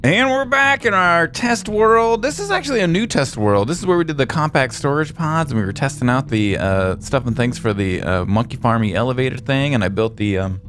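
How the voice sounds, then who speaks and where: A man's voice: medium pitch, sing-song, a little fast, hardly any pauses. A young man casually commenting on his game in a playful, goofy way, with made-up words. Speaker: gaming video host. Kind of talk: casual let's-play commentary. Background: soft guitar music.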